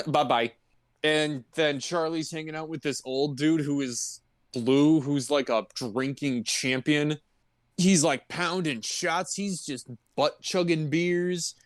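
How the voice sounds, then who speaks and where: Man, podcast co-host, casual movie recap, joking, laughs a lot, clear voice, dry close sound. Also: on the high side, steady tone, slow, dry recording. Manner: laid-back, jokey, laughs often.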